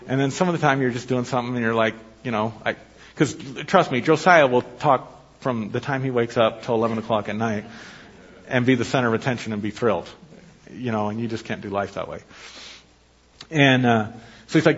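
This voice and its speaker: A man preaching a sermon as pastor, telling a personal story in a conversational way with quick asides. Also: mid-range voice, breathy edge. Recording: dull lo-fi sermon recording.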